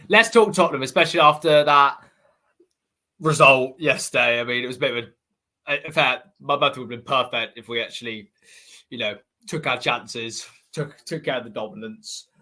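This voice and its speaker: A man's voice: medium pitch, normal speed, sharp tone. A man in his twenties with a West Country accent, chatting casually as co-host of a football podcast with plenty of fillers. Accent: West Country English. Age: 20s.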